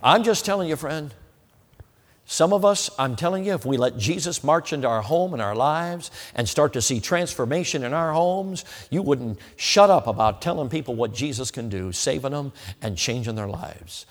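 Emphatic preacher in a reverberant hall. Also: male voice, on the high side, expressive, moderate pace. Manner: emphatic, swings between loud and hushed. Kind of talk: evangelistic sermon with altar call. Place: church sanctuary.

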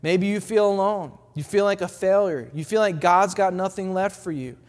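A man with a high, light voice delivers an evening sermon in a church, the sound trailing off in a long hall reverb. He builds through repeated phrases and lets his voice fall quiet and gentle when giving quoted words of comfort. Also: normal speed. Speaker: preacher.

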